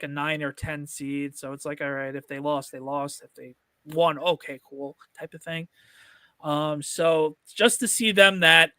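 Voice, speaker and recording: A man's voice: a little high, sharp tone, smooth, dry recording. A man with a North Jersey accent, co-hosting a sports podcast in rambling casual chat full of fillers.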